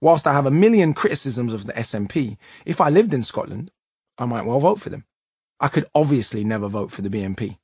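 A man reading a nonfiction audiobook in a measured, emphatic way. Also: medium pitch, darkish tone, husky, no room sound, clean studio sound. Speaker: audiobook narrator.

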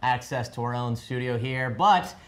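Young male co-host with a slightly high voice, awkward and stammering in scripted banter. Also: normal speed. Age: young adult. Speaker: comedy show co-host.

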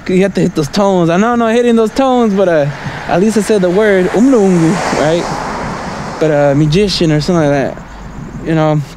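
A man with a high but mellow voice rambles through a casual monologue while walking outdoors at night. He keeps checking in with "right?" and "you know?" and chuckles between thoughts. Faint traffic hums behind him. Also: normal speed. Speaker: vlogger. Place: outdoors on a city street at night.

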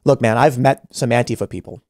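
A man's voice: medium pitch, a little fast, darkish tone, no echo. A man hosting a podcast, talking casually and animatedly, acting out imagined dialogue with many restarts, close to a studio mic. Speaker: podcast host.

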